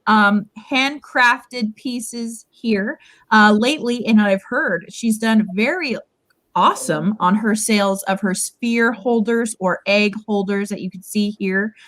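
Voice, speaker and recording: A woman's voice: medium pitch, takes it slowly, a bit bright, no room sound. Chatty woman host on a live stream, lots of ums, dry close sound. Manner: upbeat, chatty, filler-heavy. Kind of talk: livestream hosting. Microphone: video call.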